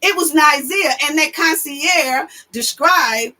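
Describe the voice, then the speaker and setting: Sassy new lady hosting a livestream, high bright voice, calls out chat names. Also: slow pace. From New York. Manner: animated, sassy, confrontational. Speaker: livestream host.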